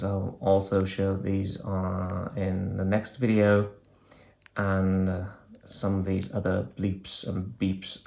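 A man with a lowish, slightly mellow voice and vocal fry reviews an old phone in a casual hands-on demo. He thinks aloud as he clicks through menus, using hesitant fillers.

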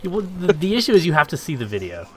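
A man's voice: a little high, huge pitch swings, quick pace, a little mellow, slight background noise. A young man co-hosting a let's play, chatting casually in a laid-back way with dry, teasing jokes, over a headset or desk mic. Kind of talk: casual gaming chat.

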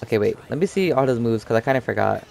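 A man's voice: mid-range voice, animated, fast talker, gravelly, darkish tone. A young man giving casual, rambling commentary over his gameplay, full of fillers and restarts, talking close to the mic. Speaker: gaming YouTuber.

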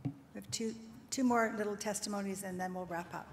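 A woman's voice: medium pitch, fairly even intonation, fairly quick. A woman acting as master of ceremonies, casually introducing the next speakers. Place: large convention hall. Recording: echoey hall with background noise.

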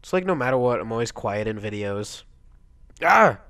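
A teenage boy with a stuffy nose from a cold, quietly rambling through casual gameplay commentary, breaking into excited yelps now and then. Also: on the low side, quick pace, clear, resonant tone, dry recording. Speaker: let's play gamer.

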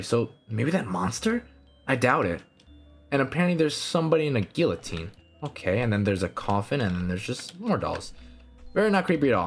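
Excitable young man gaming, lively pitch. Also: slightly rough. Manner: excitable, swears, jumps to loud startled yelps; laughs often, talks to characters. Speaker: gaming channel host. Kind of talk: let's play commentary.

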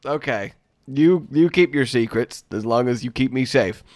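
A man's voice: mid-range voice, normal speed, a little mellow, no room sound. A man co-hosting a gaming video, joking, laughing often and throwing out theatrical exclamations. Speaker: gaming channel co-host. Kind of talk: playful gameplay commentary.

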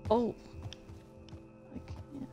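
A woman hosting her own gameplay video, chatting casually and poking fun at herself as she plays. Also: music in the background. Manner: chatty, self-deprecating, slow and halting. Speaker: gaming channel host.

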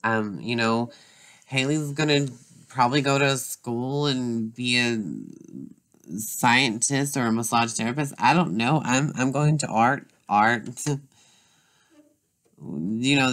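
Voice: mid-range voice, fairly bright tone. Someone voicing a hurt, defensive teen daughter. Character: defensive, upset teenage daughter. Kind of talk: doll drama voice acting.

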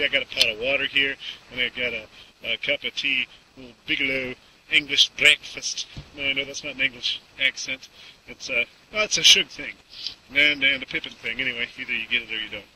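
A man casually demonstrating a camp stove outdoors, rambling with lots of fillers. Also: mid-range voice. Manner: folksy, rambling, with many fillers. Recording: distant outdoor mic with background noise.

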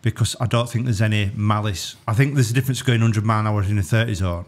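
A man's voice: fairly low pitch, quick pace. A man in his fifties, a retired traffic police officer, earnestly explaining his view as a podcast guest. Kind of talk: casual interview chat.

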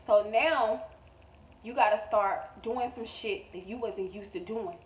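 A woman's voice: mid-range voice, measured pace, far from the mic, slight background noise. Woman with a thin, echoey phone-like sound. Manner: emphatic, repetitive, blunt and profane. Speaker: manifestation coach. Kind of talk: motivational vlog monologue.

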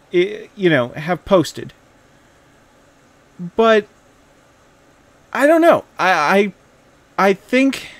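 A man's voice: high voice, fairly bright tone. A young man, a gaming video creator, teasing a rival with mock-pompous banter as he issues a playful challenge.

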